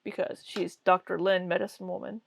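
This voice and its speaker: A woman's voice: medium pitch, slow. A woman hosting a reaction commentary with a sarcastic, mocking way of talking. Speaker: commentary host.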